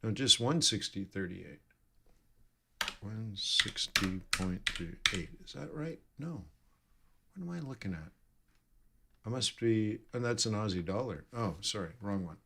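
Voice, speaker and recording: A man streaming live trading commentary, his voice sitting low and his pace unhurried. He thinks aloud, reads figures off the screen and corrects himself often. Keyboard clicks and typing run behind him. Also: expressive, gravelly, bright, forceful tone, slight background noise. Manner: thinking aloud, self-correcting, reading numbers off charts.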